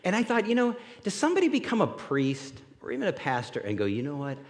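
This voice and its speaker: A man's voice: high voice, wildly swooping pitch, fast. A man preaching a conversational sermon as a pastor, reading scripture and telling stories with frequent "right?" asides. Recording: reverberant hall.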